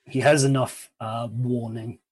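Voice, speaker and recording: A calm dungeon master narrating a tabletop game, often apologetic when dealing out damage. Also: mid-range voice, unhurried, husky.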